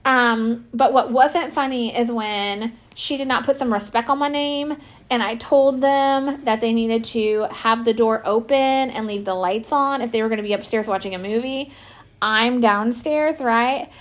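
A woman's voice: a little high, a little slow. Brash, swearing mother telling stories. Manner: brash, profane, laughing. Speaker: podcast host. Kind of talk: casual storytelling.

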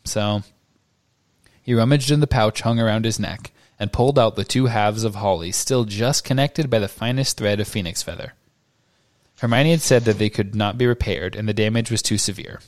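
A low-voiced man reads a novel aloud for his podcast at a steady, measured pace. The recording is dry and close, with almost no room sound. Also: dry recording. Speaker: podcast co-host.

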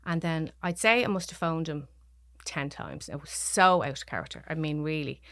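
A woman with a Dublin Irish accent, a podcast guest telling a personal story, soft-spoken and often dropping to near whispers. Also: low voice, animated, normal speed, no echo, studio quality. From Ireland.

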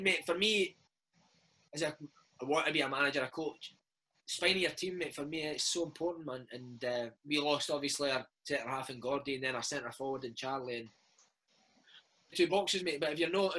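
A Scottish man in his thirties, a former footballer, telling lively anecdotes in a casual interview, calling the listener "mate" and "man". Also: a little high, poor audio.

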